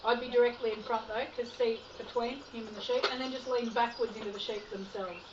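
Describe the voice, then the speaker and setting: A woman with an Australian accent calmly coaching a dog handler outdoors, giving steady instructions and praising the dog. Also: on the high side, brisk. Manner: calm, encouraging, praises the dog often. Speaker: dog herding trainer. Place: outdoor paddock with sheep and dogs. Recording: distant, roomy, dull, noisy outdoor audio.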